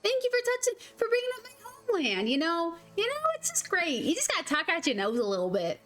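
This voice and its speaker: A woman's voice: very high voice, wildly swooping pitch, fast talker, fairly bright tone, pitched above the performer's own voice, heavily acted. A woman voicing a chirpy, folksy soccer mom with a nasal Minnesotan accent. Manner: sing-song, folksy.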